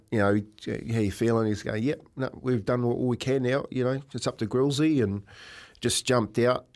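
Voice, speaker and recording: Chatty New Zealand man. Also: on the low side. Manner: chatty storyteller, many fillers and restarts. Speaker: racehorse owner and regular. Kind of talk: casual radio chat.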